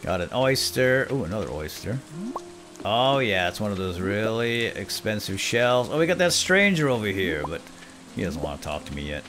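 A man giving casual, excitable commentary while playing a video game, and calling out to the characters as if they could hear him. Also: lowish voice, normal speed, slight background noise. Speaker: let's play gamer.

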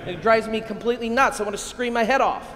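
American priest, middle-aged guy, high voice, fired up, preaching to a hall with long echo. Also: fast. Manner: excitable, energetic preaching with sudden loud bursts. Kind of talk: keynote talk to a men's conference. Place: large hall at a conference. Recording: echoey hall, long reverb.

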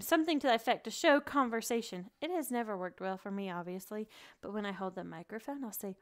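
A woman who teaches English online, giving casual and animated advice in a vlog from her home and laughing often. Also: mid-range voice, quick pace.

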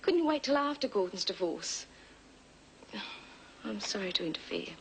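An earnest young woman in a 1980s TV soap. She speaks in a mid-pitched voice and pleads sincerely. Faint noise sits underneath. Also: sing-song, measured pace, low-quality recording.

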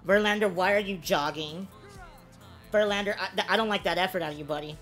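A woman giving casual commentary on her own video game play, swinging from low-key play-by-play to loud, excited yelps. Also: a little fast, faint music behind. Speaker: gaming video creator.

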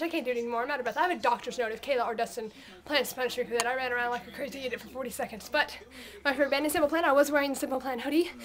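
Brief: young female vlogger, high-pitched and bright, bubbly rambling fan chatter, filmed at home in her bedroom. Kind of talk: casual vlog chat.

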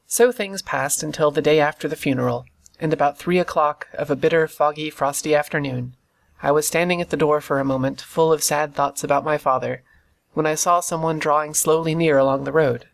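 An audiobook reader narrating a classic adventure novel in a steady, measured storytelling voice. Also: medium pitch, creaky.

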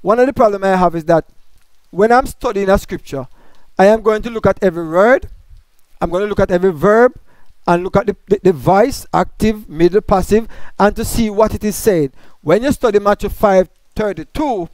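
High, smooth-voiced male Bible teacher. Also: moderate pace, darkish tone, no echo. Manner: asks questions and answers them himself; explains grammar point by point. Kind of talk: Bible study lecture.

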